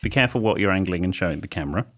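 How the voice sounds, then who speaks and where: A man's voice: deep voice, lively intonation, racing. A man co-hosting a comedy podcast, telling wry, rambling anecdotes in casual chat. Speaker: podcast co-host.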